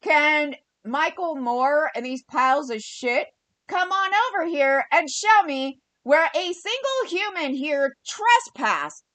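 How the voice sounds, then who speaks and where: A woman's voice: high voice, lively intonation, a bit bright, dry recording. A woman, ranting heatedly in a vlog monologue and acting out what others said. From California. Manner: heated, fast ranting with quoted dialogue. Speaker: vlogger.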